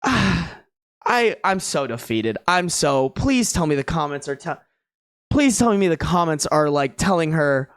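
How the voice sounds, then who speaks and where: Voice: mid-range voice, big pitch swings, a little slow, dry recording, studio quality. A streamer reading online posts aloud in a casual, slangy way, breaking off for exasperated, disbelieving reactions. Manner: exasperated, incredulous reactions between read passages; slangy and casual, calls listeners bro and dude.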